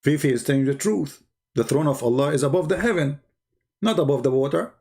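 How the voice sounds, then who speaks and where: A man's voice: a little high, brisk, darkish tone. A man with giving mocking, sarcastic commentary on video clips. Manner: sarcastic, repeats words for effect, non-native phrasing.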